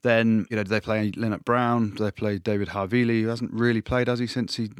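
Man, low voice, excitable rugby pundit, dry close mic. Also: brisk, smooth, no room sound. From Wales. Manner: excitable, jumps up in pitch when joking. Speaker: podcast co-host, pundit. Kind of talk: casual sports chat.

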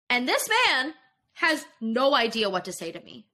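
A young woman recounts a painful story on a podcast, swearing freely and voicing both sides of an argument. She speaks slowly with a bright, clear tone, pitched a little high for a woman. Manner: emotional, profane, animated retelling. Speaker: podcast guest.

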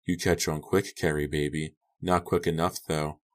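A man reading the part of an unhinged young woman, speaking quietly with calm, eerie menace. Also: rumbling low, normal speed. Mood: quietly menacing.

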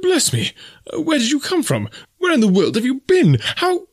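A man doing a shrill flustered old gentleman. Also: huge pitch swings, moderate pace, breathy edge, exaggerated voice. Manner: shrill exclamations, fussy formal phrasing. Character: flustered near-sighted elderly gentleman, fussy and easily frightened.

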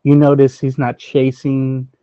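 A man's voice: medium pitch, completely flat delivery, unhurried, warm tone, no echo, dull audio. A man co-hosting a casual baseball podcast who talks hesitantly, thinking aloud with many fillers. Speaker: sports podcast co-host.

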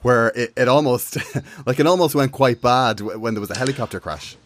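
A man's voice: medium pitch, brisk. A man, an interviewer chatting casually and reacting with enthusiasm.

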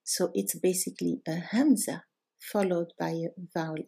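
A woman's voice: low voice, flat delivery, a little slow, vocal fry, mellow, husky. A woman teaching a recorded language lesson, explaining step by step in a patient way and drawing out example words. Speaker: Arabic teacher.

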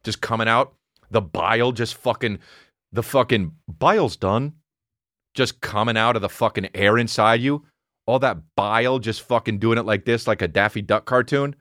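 A man in his thirties, a comedian telling a rambling, profane story in casual chat, mumbling low one moment and shouting the next. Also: measured pace, long pauses, no room sound, clean studio sound. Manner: profane, animated, swings between mumbling and shouting.

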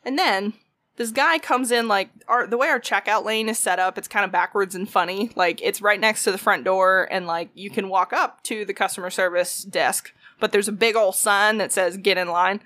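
A woman's voice: medium pitch, moderate pace, bright, forceful tone, dry recording. A young woman, telling a story in casual chat, swearing freely and acting out quotes.

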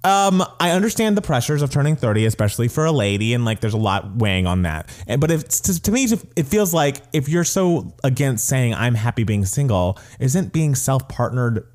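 Podcast co-host, male, animated and jokey, swoops in pitch. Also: moderate pace, few pauses. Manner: animated, jokey, trails off into laughs. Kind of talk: casual chat.

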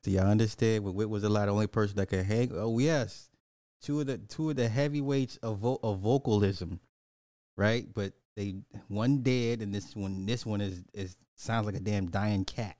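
A man's voice: fairly low pitch, moderate pace, mellow, dry recording, clean studio sound. A man, reacting to music clips in casual commentary, blunt and petty, drawing out repeated words. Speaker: reaction streamer.

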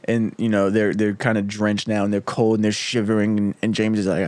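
A man's voice: fairly low pitch, flat delivery, fairly quick, a little mellow, no echo. A young man in casual chat, playfully brainstorming a story with a friend. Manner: playful, jokey. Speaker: co-writer.

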